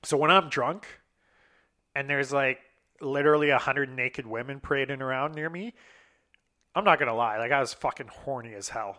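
A man's voice: mid-range voice, moderate pace, bright, forceful tone. A young man telling a long personal story in a casual, rambling, profane way, acting out what others said.

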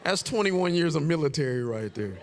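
Animated, gravelly man preaching in a hall. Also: fairly high pitch, brisk, background noise. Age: 40s. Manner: animated storyteller, shouts and squeals for his own quoted voice. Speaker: pastor. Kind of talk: sermon with personal storytelling.

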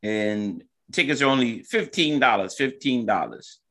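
A man's voice: medium pitch, animated, unhurried, sharp tone. A man who is a comedian and co-host, chatting casually on a talk show, joking and repeating his phrases. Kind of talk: casual radio show chat.

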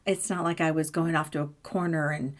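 A woman's voice: low-pitched, fairly even intonation, brisk. A woman in casual conversation, candid and laughing often, swearing freely as she talks through a personal story. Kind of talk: casual chat.

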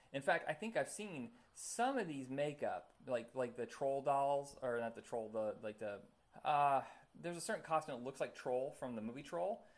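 A man in relaxed conversation on a podcast. He rambles with plenty of fillers and laughs readily. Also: medium pitch. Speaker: podcast co-host. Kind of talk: casual chat.

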